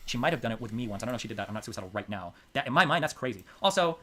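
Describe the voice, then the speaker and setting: A man streaming live, talking through court transcripts in quick, emphatic commentary, his voice jumping up in indignation to drive home his points. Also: medium pitch, animated, fairly bright tone.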